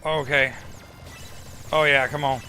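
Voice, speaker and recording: A man's voice: mid-range voice, flat delivery, takes it slowly, pushed and bright, faint music behind. A young man casually commenting while streaming a game, loose and profane, rambling with lots of filler words.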